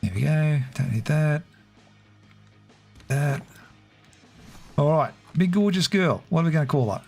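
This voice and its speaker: A man hosts a relaxed game livestream, chatting and laughing with his viewers. His voice sits a touch higher than most men's. Soft guitar music plays faintly behind him. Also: measured pace, creaky. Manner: chatty, laughs often, talks to viewers by name. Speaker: game streamer. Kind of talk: casual livestream chat.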